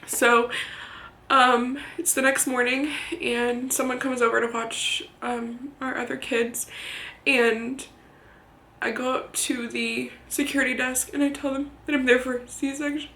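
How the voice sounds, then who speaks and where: A young woman vlogging, telling a personal story to the camera in a candid, halting way, swearing now and then and close to tears. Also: high-pitched, level tone, sharp tone. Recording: roomy echo.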